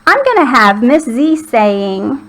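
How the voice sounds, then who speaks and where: A woman's voice: fairly high pitch, very animated, slow, low-quality recording. A woman teacher patiently walking young children through a writing lesson.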